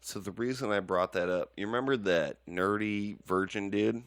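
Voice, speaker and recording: Podcast co-host, rambling, joking man with a smooth, low voice, dry close mic. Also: moderate pace, no echo. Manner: rambling, laughing, profane. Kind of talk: casual podcast chat.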